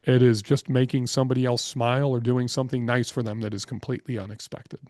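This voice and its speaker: A man guesting on a podcast, telling business stories in an energetic, blunt way and swearing freely. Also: medium pitch, quick pace, dry recording, clean studio sound. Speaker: podcast guest, real estate investor. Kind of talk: casual interview storytelling.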